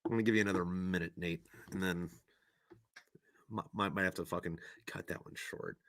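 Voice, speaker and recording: A man's voice: low voice, steady tone, fairly quick. A man hosting a podcast livestream alone, rambling in a casual way and swearing constantly while he waits for his guest. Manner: gets loud and ranting when worked up. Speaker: podcast host.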